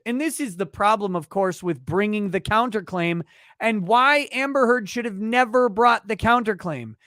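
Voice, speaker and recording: A man's voice: sits high, measured pace, pushed and bright, no echo, clean studio sound. A man hosting a legal commentary livestream who rants in a heated, profane way. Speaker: legal commentary show host.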